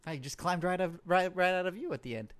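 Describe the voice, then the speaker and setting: A man's voice: sits high, brisk, smooth, natural voice. A man playing a spacey male wrestler who gives rambling special reports and loses his thread as he goes. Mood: upbeat.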